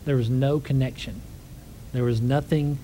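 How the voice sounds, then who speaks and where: A man delivers a sermon, telling a personal story in a chatty manner, acting out quoted voices, and closing with prayer. His medium-pitched voice is warm and steady at a normal speed, though the low-quality recording has slight background noise.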